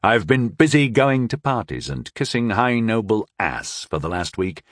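A guarded male court wizard from an audiobook, answering politely while holding back, as a man puts him on. The voice drops low and quiet, with measured, deferential phrasing. It is recorded close and dry. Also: lively intonation, no room sound, close to an everyday voice. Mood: restrained. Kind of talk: audiobook character voice.

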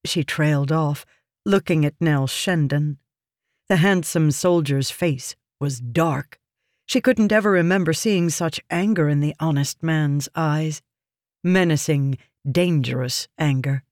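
A narrator reading a fantasy novel aloud in a measured, deliberate manner. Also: medium pitch, no room sound, studio quality. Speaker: audiobook narrator.

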